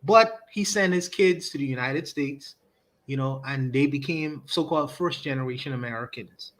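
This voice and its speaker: A man's voice: mid-range voice, normal speed, fairly bright tone. A man co-hosting a podcast, laying out hypothetical questions in casual conversation and checking whether he is understood. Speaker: podcast co-host. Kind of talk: casual discussion.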